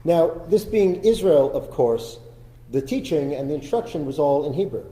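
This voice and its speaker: Man giving a sermon, mellow dark voice, kinda high pitched, echoey sanctuary w long reverb. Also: expressive. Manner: reflective storytelling, slow deliberate emphasis. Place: synagogue sanctuary.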